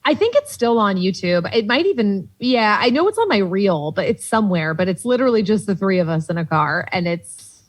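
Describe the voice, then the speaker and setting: Speaking at medium pitch and a fairly quick clip, a young woman from Boston with a Boston accent joins a podcast as a comedian guest. She tells lively stories casually and performs the voices she quotes, though the recording quality is low.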